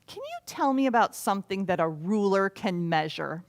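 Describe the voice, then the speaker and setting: A woman teaching a children's Bible lesson in animated storytelling that sometimes drops to a loud whisper. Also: medium pitch, normal speed.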